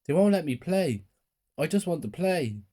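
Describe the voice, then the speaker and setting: A boy who is picked on by his family speaks in a pleading, strained voice, pitched a little above the teller's own, as a man puts him on. The tone stays soft and mellow, with an edge of hurt in every line. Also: sing-song, normal speed.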